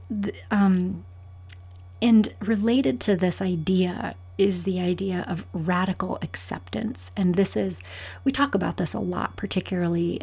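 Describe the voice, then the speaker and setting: A woman's voice: fairly low pitch, a little mellow, husky. A woman therapist hosting her own show, talking through advice in a thoughtful, explaining way with many fillers. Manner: thoughtful, with fillers, acts out quotes animatedly. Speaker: therapist host. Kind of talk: advice talk to camera.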